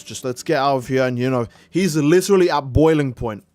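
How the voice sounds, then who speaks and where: A man's voice: medium pitch, brisk, few pauses, a little mellow, no echo. A man streaming a game, rambling in casual, profane commentary and acting out little skits of people. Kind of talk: casual let's-play commentary.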